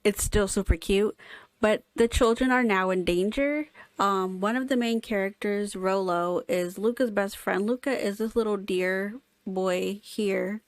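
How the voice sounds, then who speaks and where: A woman's voice: mid-range voice, unhurried, no echo. A young adult woman streaming a game, chatting casually about the story and reading dialogue aloud. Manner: chatty, giggly, self-aware. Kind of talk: casual let's-play commentary and dialogue reading.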